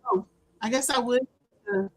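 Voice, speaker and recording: A woman runs a casual livestream from her home setup. Her voice sits high and bright above most women's. She chats easily, doubles up her words and welcomes each viewer by name. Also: expressive, moderate pace, gravelly, slightly rough. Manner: chatty, repeats words, greets chat by name. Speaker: livestream host.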